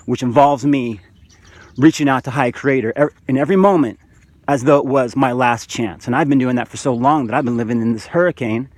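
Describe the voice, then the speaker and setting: A man's voice: mid-range voice, a little fast, dry recording. A man in a spiritual monologue to camera, fervent and preachy, rambling with restarts and calling the viewers "guys". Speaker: vlogger.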